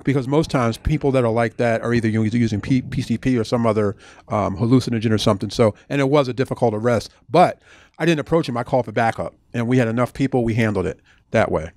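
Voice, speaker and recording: A man's voice: medium pitch, fast talker, no room sound. A man, an author and former police officer, answering audience questions at a book talk, telling stories with frequent restarts. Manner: animated storytelling with frequent restarts.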